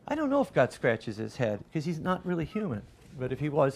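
A middle-aged man preaching a sermon as pastor, rising loud and animated through lists and quoted cries. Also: fairly high pitch, brisk, few pauses, slight background noise.

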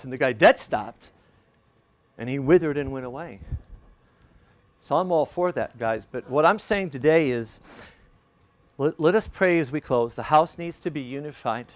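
An older man preaching a sermon, telling a personal story in a conversational, animated way and acting out the voices of the people in it. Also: on the high side, moderate pace, long pauses. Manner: conversational, animated, acts out quotes. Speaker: pastor.

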